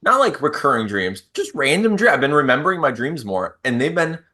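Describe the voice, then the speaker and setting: A man co-hosting a podcast, telling stories in a rambling, animated way with lots of fillers. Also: fairly high pitch, brisk. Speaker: podcast co-host. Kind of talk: casual chat.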